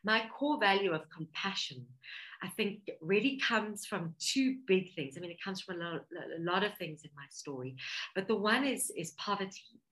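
A woman's voice: mid-range voice, lively intonation, normal speed, fairly bright tone, low-quality recording. A woman from South Africa with a South African accent, earnestly telling her life story as an interview guest. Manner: earnest, heartfelt, talks through emotion.

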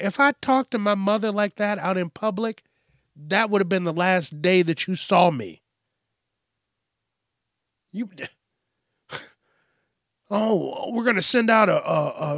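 A man rants through a news commentary in a profane, sarcastic, exasperated way, with a beer in hand. His voice sits a little high and his delivery is slow and deliberate. The recording is dry and close. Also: fairly bright tone, no echo. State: drinking beer. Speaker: host.

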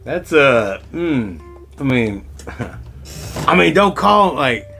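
Man, podcast co-host, laid-back and rambling, crude humor, average pitch, light music in background. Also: very animated, slow, gravelly, fairly bright tone. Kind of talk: casual chat.

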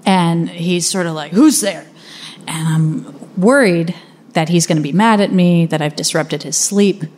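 A woman's voice: lowish voice, normal speed, a little mellow. A young adult woman from the United States telling a personal story in a conversational, vivid way. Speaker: speaker. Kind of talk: first-person storytelling talk.

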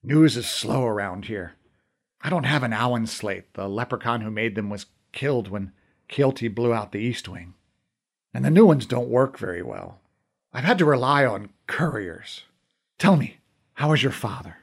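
A man's voice: mid-range voice, animated, moderate pace, gravelly, husky. A man narrating an audiobook voices an ancient male weapons master who taunts in a dry, matter-of-fact way. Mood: friendly.

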